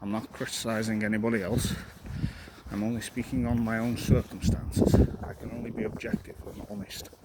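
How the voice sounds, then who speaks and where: A young man talking candidly and reflectively while walking, out of breath, with frequent pauses and restarts. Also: on the low side, flat delivery. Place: outdoors walking up a hill. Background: loud outdoor noise.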